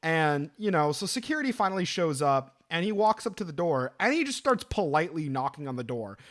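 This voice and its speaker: A young man in his twenties tells a story in a loose, rambling way, swearing freely and piling up fillers. His voice sits a bit high and swoops all over as he gets worked up. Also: fairly quick. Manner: animated, profane, rambling with fillers. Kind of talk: casual storytelling.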